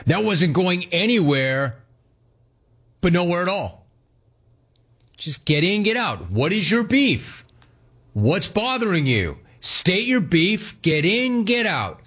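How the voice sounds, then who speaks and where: A man hosting a sports radio call-in show, brash, playful and fast-talking. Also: high-pitched, very animated, a bit bright, breathy edge.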